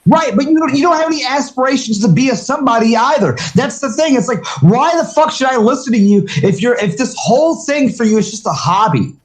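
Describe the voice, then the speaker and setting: A man's voice: very high-pitched, expressive, fairly quick, hardly any pauses. A man hosting a live audio chat, ranting heatedly with constant swearing. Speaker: host of an audio chat room.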